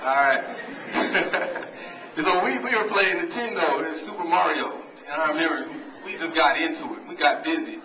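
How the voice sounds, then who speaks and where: A man's voice: fairly high pitch, moderate pace. A man, giving a humorous, motivational banquet speech as a coach and talking straight to the crowd, recorded in a large hall from a distance. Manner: storytelling, talks straight to the crowd. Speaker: guest speaker and coach. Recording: echoey hall, distant mic, dull sound.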